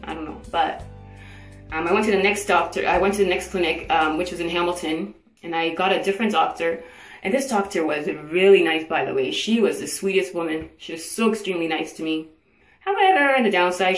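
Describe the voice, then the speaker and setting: A woman's voice: fairly low pitch, recorded from a distance. Tired woman telling her story in an echoey room. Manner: earnest, retells conversations in quoted speech. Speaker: vlogger sharing her cancer journey. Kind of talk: personal storytelling Q&A.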